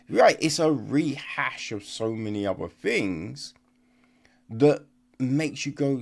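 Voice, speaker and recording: A man's voice: mid-range voice, sing-song, slow pace, gravelly. A man giving a casual, rambling podcast film review, exasperated, full of fillers and rhetorical questions.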